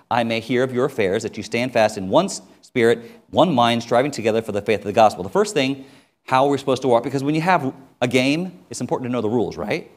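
A man preaching a sermon as a missionary, telling stories with sudden swings between loud and quiet. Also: medium pitch.

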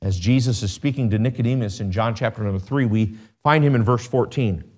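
A man's voice: fairly low pitch, a little fast, a little mellow. Man preaching a sermon. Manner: asks the congregation many rhetorical questions; reads scripture aloud in King James wording.

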